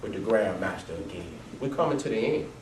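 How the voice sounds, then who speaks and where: A man telling his life story to a live audience over photos, swearing heavily, laughing often and swinging between loud bursts and low, quiet stretches. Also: animated, a little fast. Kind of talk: profane, animated storytelling talk to a live audience. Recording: roomy, distant mic, faint background noise.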